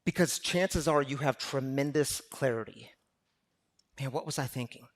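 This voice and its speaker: A man preaching a sermon to a recovery gathering, impassioned and repetitive, swinging from loud to hushed. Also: medium pitch, moderate pace. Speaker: pastor.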